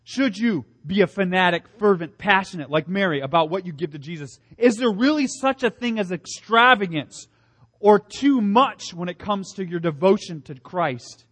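Earnest preacher with a high voice. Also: male voice, animated, moderate pace, a bit bright. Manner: earnest, emphatic, with rhetorical questions and repeated phrases. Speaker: pastor. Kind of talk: sermon.

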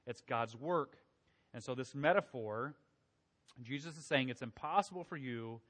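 A man's voice: mid-range voice, measured pace, a bit bright. A man preaching a conversational sermon, often asking his listeners questions as he works through scripture. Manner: conversational, asks the congregation questions. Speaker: pastor. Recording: long hall reverb.

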